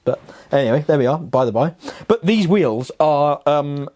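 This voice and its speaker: Young male co-host, animated pitch, eager and chatty. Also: normal speed. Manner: enthusiastic, chatty, laughs often. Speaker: podcast co-host. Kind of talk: casual chat.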